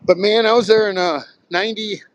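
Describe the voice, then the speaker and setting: A man in his sixties from Southern New Jersey talks in a rambling, storytelling way, dropping casual swears along the way. His voice sits fairly high for a man. He is live streaming on a phone as he walks along a beach. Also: steady tone, fast talker, no room sound, poor audio. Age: 60s. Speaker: live streamer, retired Marine pilot. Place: outdoors on a beach, walking. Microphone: phone held while walking.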